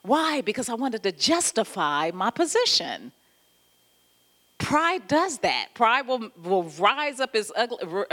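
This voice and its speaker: A woman pastor giving an animated, conversational sermon, often laughing as she talks. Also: medium pitch.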